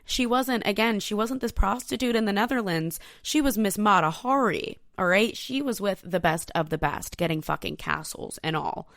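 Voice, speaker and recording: A woman hosting a podcast, telling a history story in a casual, profane, animated way and talking straight to her listeners. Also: mid-range voice, normal speed, creaky, hardly any pauses, dry recording, studio quality. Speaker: podcast host.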